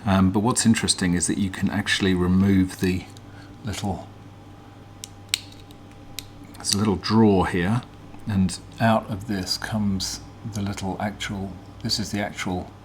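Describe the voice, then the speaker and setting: A man hosting a casual teardown demonstration, talking in a relaxed, hesitant way with frequent ums as he explains. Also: deep voice, a little slow, a little hiss or hum. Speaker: vlog host.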